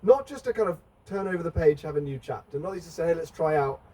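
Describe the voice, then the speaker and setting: A man's voice: fairly high pitch, expressive, fast, warm tone. A middle-aged man, preaching a conversational sermon in a church and chatting with the congregation. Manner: chatty, asks the congregation questions. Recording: distant mic, faint background noise.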